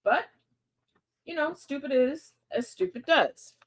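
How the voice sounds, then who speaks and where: Woman host, sharp-tongued and sarcastic commentator, fairly high voice, chatty stream delivery. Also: slow pace. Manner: sassy and sarcastic, laughs often, mocks voices in quotes. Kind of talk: casual political commentary.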